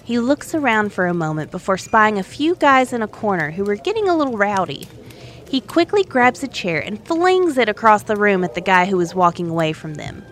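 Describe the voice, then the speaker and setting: Chatty woman narrator, lively pitch, faint music bed. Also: a little fast. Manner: playful, conversational. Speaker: storyteller. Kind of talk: narrating an adventure story.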